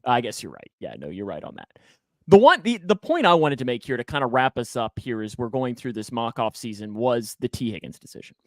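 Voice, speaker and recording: A man co-hosting a sports podcast who jokes a lot and gets animated, his voice jumping upward when he gets excited. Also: fairly quick, no room sound, clean studio sound. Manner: animated, jokey, pitch jumps up when excited. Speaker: podcast co-host. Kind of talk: casual sports chat.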